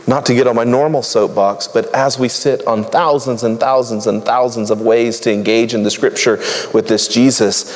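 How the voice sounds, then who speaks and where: A man's voice: mid-range voice, a little mellow, big-room sound. A man preaching a sermon in a conversational, humorous way, rattling off long lists.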